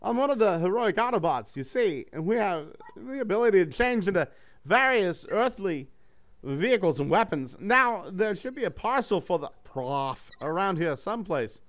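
A man's voice: high voice, big pitch swings, normal speed, a bit bright, pitched above the performer's own voice. A man reading the lines of a cheerful young male robot hero in a breezy, friendly, slightly boastful way. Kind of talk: reading a character's lines aloud.

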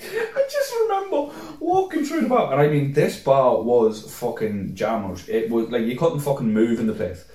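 In a reverberant recording, a young man on a podcast he co-hosts tells drunken tales at a normal speed with few pauses. He's lively, swears often, and mimics others in high voices.

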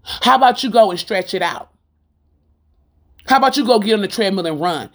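A woman delivers an informal Christian sermon with a fervent, preachy drive. She builds her points through rhythmic repetition and fires rhetorical questions straight at her listeners. Her voice sits in an ordinary middle pitch for a woman. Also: lively intonation, brisk. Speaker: Christian speaker.

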